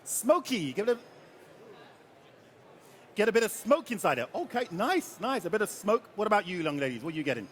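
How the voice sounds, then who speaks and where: A man with a high, bright-sitting voice runs a live tasting session on stage, quizzing the crowd and cracking jokes. He talks in a loose, chatty way and keeps the audience involved. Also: very animated, brisk, pauses often. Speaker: rum ambassador leading a tasting.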